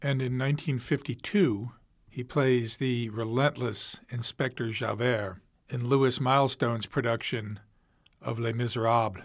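A man narrating a documentary in a plain, even way, reading sources aloud. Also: mid-range voice, a little slow.

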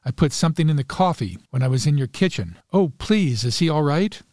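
A frantic wife pleads and presses, her lines pitched a touch above the plain narration, as a male storyteller puts her on. The delivery is urgent and breathless in feel, read from a story. The sound is dry and close. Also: animated, a little fast, a little mellow, no echo, close to an everyday voice. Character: frantic desperate wife, adult woman. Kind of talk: read-aloud story dialogue.

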